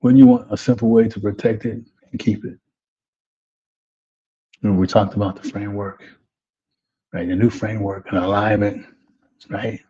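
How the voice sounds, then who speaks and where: A man with a lowish, steady voice at a normal pace hosts a live webinar as a life coach, giving a motivational talk. His tone is dark with a breathy edge, and he takes long pauses. He repeats himself, tagging lines with "right?" and "man," and the lo-fi audio sounds dull.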